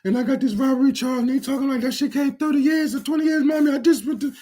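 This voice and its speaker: A whiny young man calls home from jail, as a man puts him on, pitched well above his usual voice. His words come out in a pleading rush that climbs higher as he goes. The tone is of someone desperate to be rescued. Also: quick pace, warm tone. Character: whiny young male inmate begging his mom.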